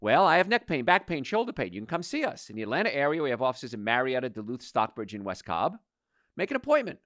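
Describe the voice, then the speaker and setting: A man in his sixties hosts a radio health show, talking with emphatic energy and a lively pitch that leaps up and drops low. He rattles off long lists. The studio sound is close and dry. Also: quick pace, dry recording. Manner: animated, emphatic preacher-like delivery with lists.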